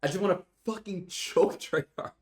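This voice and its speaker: Sitting high but with a darkish tone, a young streamer's voice moves a little slowly through an angry, profane rant to his chat. He sounds exasperated and sighs heavily, over a roomy echo with faint music.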